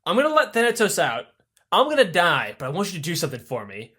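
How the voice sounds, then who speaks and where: A man voicing a sly male trickster king who talks in a low, urgent way. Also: wildly swooping pitch, fast talker, bright, forceful tone, slightly rough, full character voice. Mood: scheming.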